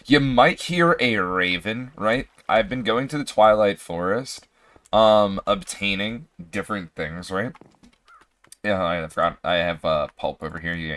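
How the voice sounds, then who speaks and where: A man with a hoarse voice, chatting casually while he streams a game, rambling and often clearing his throat. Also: deep voice, a bit bright. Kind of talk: casual livestream chat.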